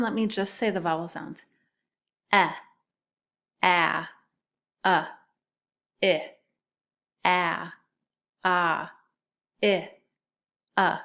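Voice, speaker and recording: This recorded phonics lesson for second graders features a woman whose mid-range voice carefully sounds out each word syllable by syllable. Her delivery is clear and deliberate.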